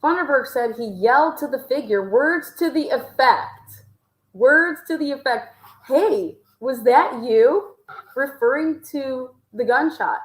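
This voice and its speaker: A woman's voice: sits high, unhurried, roomy sound, poor audio. A woman hosting a call-in show, talking casually and acting out imagined dialogue as she makes her case. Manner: animated, acts out imagined dialogue. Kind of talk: casual commentary.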